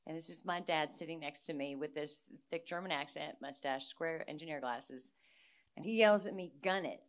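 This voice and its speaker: A middle-aged woman chatting casually as a guest, an animated storyteller who laughs often. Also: deep voice, normal speed. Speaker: guest musician. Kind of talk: casual chat.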